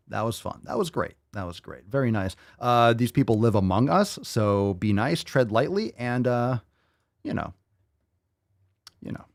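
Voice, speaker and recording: Male podcast host, lively swearing rant, dry close mic. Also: medium pitch, no echo. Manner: profane, incredulous, repeats phrases for emphasis. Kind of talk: casual ranting commentary.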